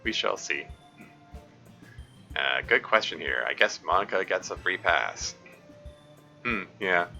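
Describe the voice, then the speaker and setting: A man streaming a game live, reading messages aloud and answering chat in a rambling, halting way. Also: low-pitched, expressive, vocal fry, pushed and bright, soft background music. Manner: rambling, halting, full of restarts.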